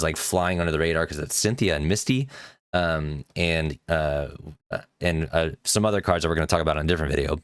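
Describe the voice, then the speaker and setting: A man's voice: sits low, smooth, dry recording, clean studio sound. A man casually telling a rambling story to his viewers, with many fillers, acting out the back-and-forth of conversations. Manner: rambling, many fillers, acts out quoted exchanges. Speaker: trading card collector vlogger.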